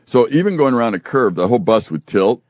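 An older man hosting a casual chat, telling animated stories and acting out the quotes. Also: mid-range voice, quick pace, no room sound. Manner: animated storyteller who acts out quotes.

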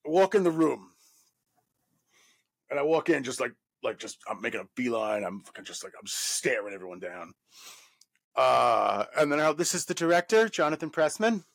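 A man in his thirties from New York, a guest actor telling a profane, animated story full of fillers. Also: mid-range voice, moderate pace, vocal fry. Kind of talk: casual anecdote telling.

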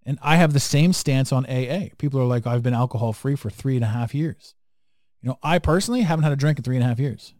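A man's voice: mid-range voice, quick pace, a little mellow, no echo, studio quality. A man hosting a casual podcast conversation, talking bluntly and emphatically and swearing freely. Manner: blunt, profane, emphatic and preachy. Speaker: podcast host.

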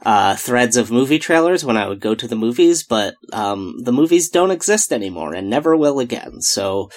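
Give me a man co-hosting a podcast, relaxed and rambling, mid pitch. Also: normal speed. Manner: laid-back, rambling. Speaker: podcast co-host. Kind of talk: casual chat.

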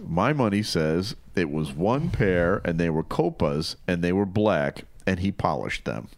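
A man's voice: sits low, sing-song, a little slow. A man co-hosting a podcast, asking curious questions in casual chat. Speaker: podcast co-host.

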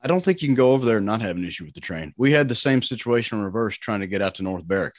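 A man's voice: lowish voice, expressive, rapid-fire, no room sound, clean studio sound. A man hosting a podcast, chatting casually and trading his own travel anecdotes. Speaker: podcast host. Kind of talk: casual chat.

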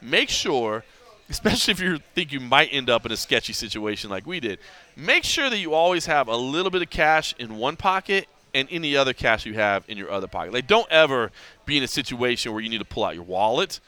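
A man's voice: medium pitch, big pitch swings, fairly quick, bright, forceful tone. A man hosting a podcast, telling a story in casual chat and acting out the dialogue with lots of energy. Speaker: podcast host.

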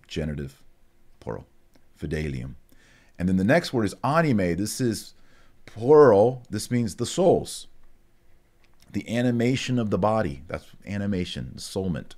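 A man giving a casual online lesson, slowly sounding out Latin prayers and explaining them word by word with chatty asides. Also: low-pitched, a little mellow. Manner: slow, careful enunciation of Latin words, chatty asides.

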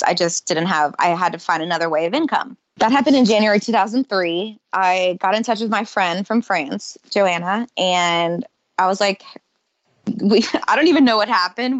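A woman telling personal stories as a guest in a casual interview, lively and often laughing. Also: mid-range voice, no room sound, dull audio.

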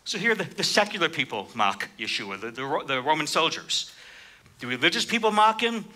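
A man preaching a sermon, reading scripture and explaining it, lifting his voice sharply for quoted lines. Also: fairly quick. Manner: animated, raises pitch for quoted speakers.

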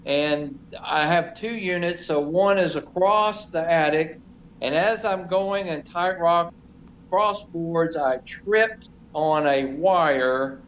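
Middle-aged man, rambling self-deprecating storyteller, fairly high voice, dull lo-fi sound with faint hiss. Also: takes it slowly, fairly bright tone. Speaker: show regular. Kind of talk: casual chat. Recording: slightly dull, faint noise.

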